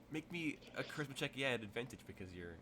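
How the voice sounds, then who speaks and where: A man's voice: medium pitch, lively intonation, quick pace, pushed and bright, a little hiss or hum. A man narrating a tabletop game as game master, rambling with many fillers and restarts.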